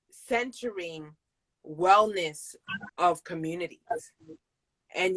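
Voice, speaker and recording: A woman hosts a casual conversation, warmly effusive and emphatic, laughing between thoughts. Her voice sits at an ordinary pitch for a woman. The recording is dry and close, with no room sound. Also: dry recording, rough recording. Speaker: host. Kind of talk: casual interview chat.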